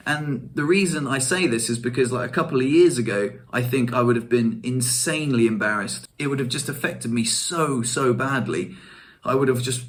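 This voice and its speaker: A man's voice: medium pitch, moderate pace. Chatty man, laughing as he talks. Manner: chatty, laughs often, self-mocking. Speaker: vlogger. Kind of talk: casual storytelling vlog.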